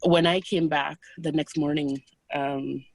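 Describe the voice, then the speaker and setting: A woman as an interview guest, calmly recounting personal experiences in a soft, unhurried, hesitant way. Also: sits low, vocal fry, dry recording. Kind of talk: personal storytelling in conversation.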